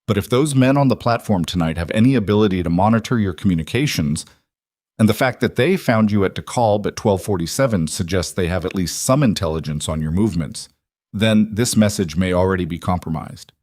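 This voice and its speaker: A man voicing a calm, guarded middle-aged protector in an audiobook, speaking flatly and without inflection. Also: deep voice, no room sound, studio quality. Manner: flat, measured, unemotional. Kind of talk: audiobook character voice.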